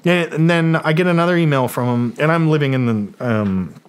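A man's voice: on the high side, brisk, slight background noise. A man in his forties, a podcast guest, telling a story in a profane, rambling way, full of fillers and acted-out quotes. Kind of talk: casual storytelling.

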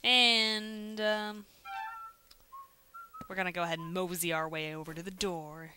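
A woman casually commenting on a video game as she plays, chatty and excitable, breaking into sudden loud exclamations and silly rhymes, on a home mic without a pop filter. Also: fairly low pitch, a little slow, pauses often, background noise. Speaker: let's play host. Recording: game music behind voice. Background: game music.

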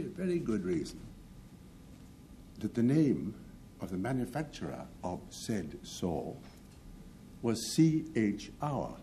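A man's voice: fairly low pitch, mellow, slight background noise. A man who is a game show team captain, telling a rambling, self-mocking tall tale. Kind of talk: comic storytelling.

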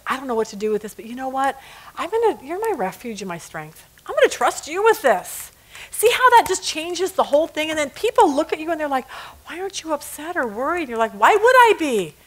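A woman's voice: sits high, a bit bright. A middle-aged woman teaching a women's Bible study, telling stories and acting out quotes, laughing at her own jokes.

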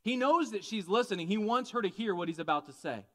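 A man preaching a conversational, animated sermon, often asking the congregation questions. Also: sits high, fast talker. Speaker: pastor.

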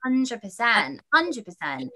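A woman's voice: a little high, big pitch swings, sharp tone, soft background music. A woman with a British accent, chatting effusively as a guest on a casual interview show. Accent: British English. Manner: chatty, effusive, quick asides. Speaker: radio and TV presenter, guest.

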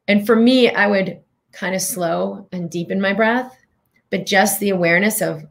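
A woman's voice: mid-range voice, moderate pace, creaky. A woman hosting a motivational health talk, earnest and coaching, guiding the listener through breathing questions. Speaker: host, physician and healing coach.

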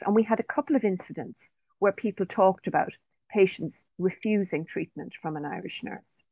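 Through a video call, a woman carefully presents findings from interviews, quoting participants aloud in her online talk. Her voice is medium-pitched and a little mellow, with vocal fry. The online audio has no echo and sounds dry and slightly dull.

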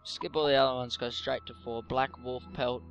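A man's voice: mid-range voice, fairly even intonation, normal speed, lo-fi sound, faint music behind. A man giving casual, rambling commentary while playing a video game. He often gets tongue-tied and swears offhandedly. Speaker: let's play gamer.

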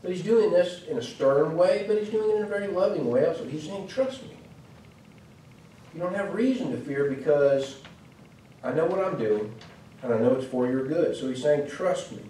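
A man's voice: on the high side, brisk, warm tone, slight background noise. Man preaching in an echoey church. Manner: earnest, explanatory, with frequent restarts and fillers. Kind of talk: sermon. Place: church hall. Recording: echoey church hall, mic from far off.

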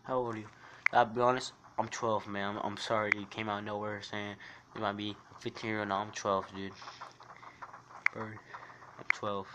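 A man's voice: on the low side, moderate pace, pauses often, background noise. Rambling, profane young gamer guy streaming. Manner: rambling, profane, jokey, excitable. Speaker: game streamer. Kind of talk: casual livestream commentary reading chat. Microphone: phone mic while gaming.

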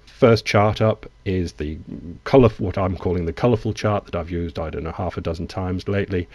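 A man with a very low voice reads news articles aloud and breaks off into blunt, sarcastic remarks. His delivery is loose, with halting restarts. The sound is dry and close. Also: a little mellow, no room sound. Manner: blunt, sarcastic asides between read-out quotes. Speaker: economic commentary host. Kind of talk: reading and commenting on news articles.

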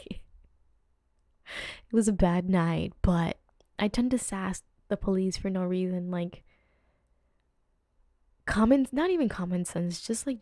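A woman in her twenties hosting a podcast, telling rambling personal stories with lots of fillers and jumping up in pitch to act out what people said. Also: gravelly, warm tone, no echo, studio quality. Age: 20s. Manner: chatty, rambling, lots of fillers, acts out quotes with pitch jumps. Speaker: podcast host. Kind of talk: casual storytelling monologue.

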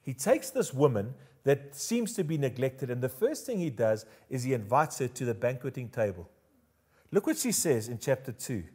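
A man with a South African accent preaching a sermon as pastor, animated and jokey, leading the congregation in call-and-response. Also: mid-range voice, normal speed, slightly rough.

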